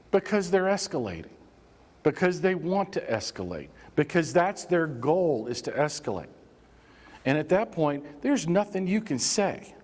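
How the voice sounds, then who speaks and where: His voice is a bit high with a darkish tone, echoing in a reverberant hall. Running a live workplace safety workshop, the man talks conversationally and engages listeners through prompts and acted-out examples.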